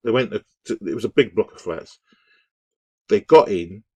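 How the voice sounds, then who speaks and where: A man with a husky voice recounts events in a casual, rambling way. His pitch swings widely as he talks. The sound is dry and close to the mic. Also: a little slow, dry recording. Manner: animated, rambling, with restarts and sound effects. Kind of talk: casual storytelling monologue.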